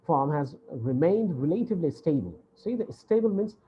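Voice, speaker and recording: A man's voice: on the high side, expressive, normal speed, breathy edge, lo-fi sound. A male university English lecturer giving an online lecture, explaining patiently and repeating points with many hesitations. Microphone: video call.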